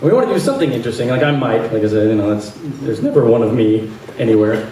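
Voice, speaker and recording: A man doing a stand-up comedy set, delivering dry one-liners and acting out voices in animated bursts. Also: mid-range voice, quick pace. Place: large venue with audience laughter. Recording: echoey live hall, distant mic, noisy.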